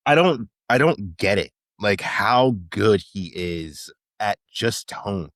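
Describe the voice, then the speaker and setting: A man's voice: lowish voice, lively intonation, slow pace, a bit bright, dry recording, studio quality. Upbeat slangy male podcast host. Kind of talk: casual podcast conversation.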